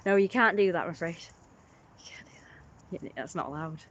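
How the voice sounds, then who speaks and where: A woman's voice: fairly low pitch, fairly quick, dull audio. A young British woman livestreaming a casual, rambling opinion rant, often mocking others in put-on voices.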